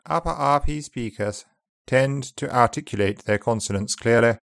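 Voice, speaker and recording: A man with a British accent teaching pronunciation, slowly and carefully sounding out model phrases. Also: mid-range voice, creaky, dry recording, studio quality. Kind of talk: scripted pronunciation lesson.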